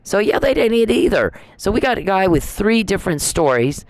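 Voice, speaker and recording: A woman's voice: medium pitch, big pitch swings, a little fast, a little mellow, no echo. A woman ranting straight at someone in a blunt, accusatory, profane vlog monologue. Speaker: vlogger. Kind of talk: angry direct-address rant.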